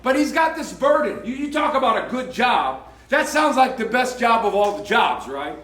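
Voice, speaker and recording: A male pastor delivers a sermon, retelling the story and slipping into the voices of its characters. His voice sits very high. He is heard from a distance in a roomy, echoing church hall. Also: moderate pace. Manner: animated storytelling, acting out biblical characters' voices. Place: church sanctuary.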